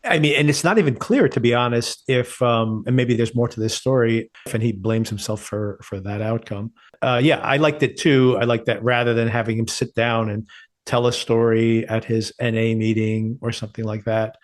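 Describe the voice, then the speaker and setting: A man's voice: medium pitch, normal speed. A man co-hosting a podcast, chatting casually and thoughtfully about a TV series, with frequent chuckles. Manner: thoughtful, relaxed, chuckles often. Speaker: podcast co-host. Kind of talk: casual TV review chat.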